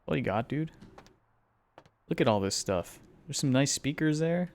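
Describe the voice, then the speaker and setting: A man's voice: medium pitch, animated, moderate pace, darkish tone. A man streaming a game live, making joking, wisecracking asides as he plays.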